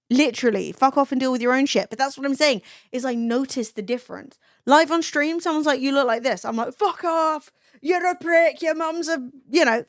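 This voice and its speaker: A woman in her thirties talks to her live stream in a blunt, sweary, chatty way, acting out little impressions as she goes. Her voice sits a touch high, recorded close and dry with no room sound. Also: no echo. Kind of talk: casual chat to a live stream.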